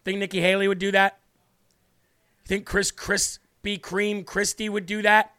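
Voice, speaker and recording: High, bright-voiced man tearing up. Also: little pitch movement, a little slow. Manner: earnest, repetitive, tearful emphasis. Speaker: livestream host. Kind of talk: emotional political commentary.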